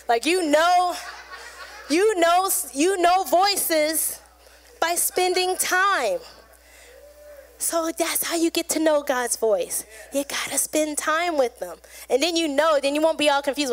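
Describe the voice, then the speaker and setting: A woman pastor delivers an earnest, chatty sermon to her congregation. Her voice sits high, and she talks it through like a friend, voicing short prayers and everyday conversations as she goes. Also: measured pace. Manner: conversational, earnest, acts out little quoted prayers and chats. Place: church sanctuary.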